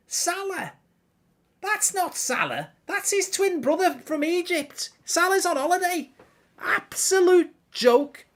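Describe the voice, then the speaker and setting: A man's voice: sharp tone, heavily acted. A man doing a mocking impression of a stunned, ranting male football pundit. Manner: exaggerated, shrill, exasperated.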